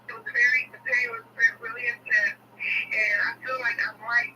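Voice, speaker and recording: A woman's voice: a little high, flat delivery, moderate pace, pushed and bright, recorded from a distance, highs cut off, slight background noise. A woman as an interview guest, recounting a personal experience emphatically, repeating phrases and using many fillers.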